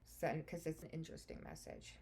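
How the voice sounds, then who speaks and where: Woman podcast host, lowish voice, casual true-crime storyteller, blunt and profane. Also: wildly swooping pitch, a little fast, gravelly, darkish tone, breathy edge. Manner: blunt, swears freely, gets openly indignant.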